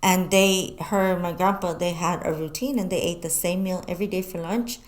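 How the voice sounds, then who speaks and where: A woman co-hosting a talk show, telling animated stories in casual chat and swearing freely. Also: lowish voice, fairly quick. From New Mexico, US. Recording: echoey room.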